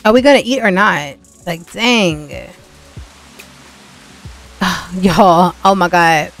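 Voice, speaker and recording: A woman's voice: on the low side, measured pace, faint music behind. A young woman giving casual, chatty gameplay commentary, talking straight to her viewers with exasperated asides. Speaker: gameplay vlogger.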